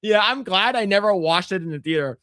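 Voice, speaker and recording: A man co-hosting a podcast in casual chat, swearing often and acting out scenes in squeaky put-on voices. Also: expressive, brisk, sharp tone, clean tone, dry recording, clean studio sound. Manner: profane, laughing, acts out scenes in high voices. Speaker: podcast co-host.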